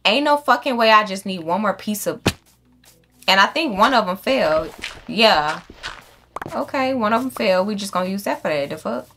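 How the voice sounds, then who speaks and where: A woman's voice: medium pitch, animated, moderate pace, music in the background. A woman hosting a casual game playthrough, chatting and swearing freely at her viewers and talking to the animals in the game. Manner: chatty, profane, talks straight to viewers. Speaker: gaming channel host. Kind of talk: casual let's-play commentary.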